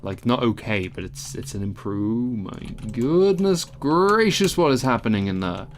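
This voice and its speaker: Guy playing a game, lowish voice, swears a bunch, yelps at jumpscares, reads the text out dry. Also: normal speed. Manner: swears often and yelps when startled. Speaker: let's play gamer. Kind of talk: casual gameplay commentary.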